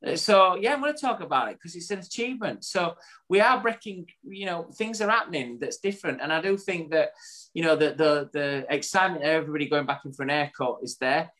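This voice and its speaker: A man's voice: fairly high pitch, expressive, fast talker, bright, forceful tone. A man, co-hosting a podcast in casual chat and wrapping up the episode with an upbeat summary. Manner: chatty, upbeat, wraps up with a summary. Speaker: podcast co-host.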